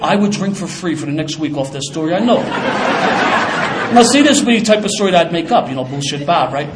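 A man telling a brisk, lively story from Philly. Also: on the high side, a loud crowd, very noisy. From Philadelphia. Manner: lively, casual storyteller with street slang. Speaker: former police officer. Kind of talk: personal storytelling.

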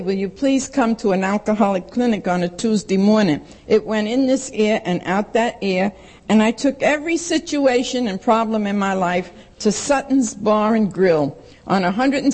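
A woman's voice: on the high side, darkish tone, low-quality recording. A woman giving a blunt, emphatic personal testimony to a recovery meeting and repeating lines for stress.

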